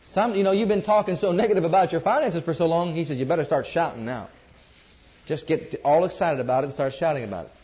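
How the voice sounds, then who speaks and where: A man's voice: fairly high pitch, quick pace, muffled recording. A man preaching a sermon and calling on the congregation to join in. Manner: emphatic, calls on the congregation to respond.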